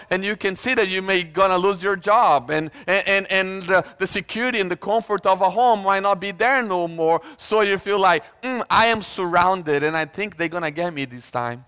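Male preacher, casual storyteller, clear resonant voice in a reverberant hall. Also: sits high. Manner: animated storytelling, acts out voices, casual asides. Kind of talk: sermon.

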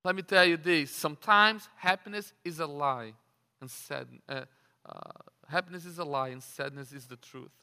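A man's voice: a little high, normal speed, pushed and bright, clear, resonant tone, long reverb tail. A man preaching a sermon. He asks rhetorical questions and often repeats his words.

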